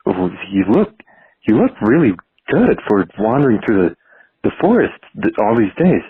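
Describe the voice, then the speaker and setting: A man's voice: fairly low pitch, big pitch swings, normal speed, husky, dry recording, exaggerated voice. A man voicing a chatty female hairdresser, in a phone voicemail. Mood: flattering. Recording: tinny phone voicemail line.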